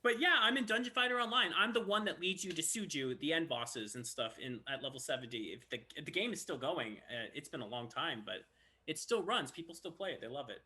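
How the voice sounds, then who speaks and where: Lively male voice actor telling stories, bright voice that swoops a lot; casual chat. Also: a little high, fairly quick. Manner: animated storyteller who acts out quotes. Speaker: voice actor guest.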